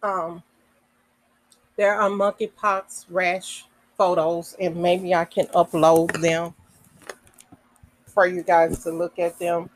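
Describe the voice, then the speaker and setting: Woman slowly reading health notes. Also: fairly low pitch, level tone, poor audio. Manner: reads slowly with fillers and self-corrections; adds casual asides. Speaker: podcast host. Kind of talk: reading health information aloud.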